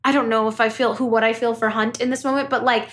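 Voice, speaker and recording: A woman's voice: on the high side, steady tone, quick pace, a bit bright. A woman co-hosting a podcast, chatting casually and retelling scenes with lots of "like" fillers. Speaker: podcast co-host. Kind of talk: casual recap chat.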